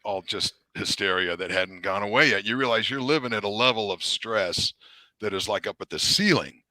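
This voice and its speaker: A middle-aged man with a very low voice and a bright, forceful edge tells stories in a loose, rambling way, full of fillers and restarts. His voice is recorded dry and close. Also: moderate pace, no echo. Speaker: podcast guest, retired Marine officer. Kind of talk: casual storytelling interview.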